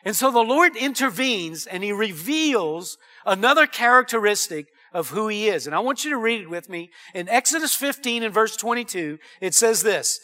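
Earnest pastor guy preaching, really high voice, gets emphatic and loud at points. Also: expressive, normal speed, hardly any pauses. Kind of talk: sermon.

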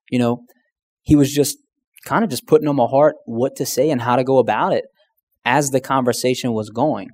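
Earnest pastor telling a story. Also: male voice, medium pitch, darkish tone. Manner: earnest, conversational, says "man" and "you know" often. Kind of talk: storytelling testimony.

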